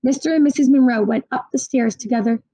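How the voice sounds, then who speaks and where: A woman's voice: high voice, quick pace, no room sound, low-quality recording. A woman reading a children's storybook aloud with expression. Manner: expressive, animated. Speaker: reader.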